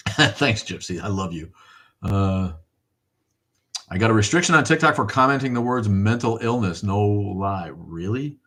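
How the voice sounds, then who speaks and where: A middle-aged man reads viewer comments during a casual livestream, thanking viewers and ranting in a rambling, foul-mouthed way. His voice is on the low side and expressive, with a fairly bright tone, a measured pace, and long pauses.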